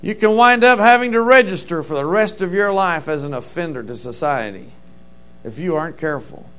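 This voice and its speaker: A man's voice: a little high, animated, fairly quick, fairly bright tone, clear, resonant tone. A middle-aged man preaching a sermon as a pastor, telling stories with fervent interjections of praise.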